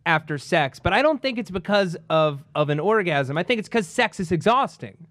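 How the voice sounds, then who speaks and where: A man's voice: sits high, normal speed, no echo. A young man hosting a podcast in a studio, chatting casually and plugging the show with upbeat energy. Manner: animated, upbeat, promotional. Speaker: podcast host. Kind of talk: casual chat. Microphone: studio microphone.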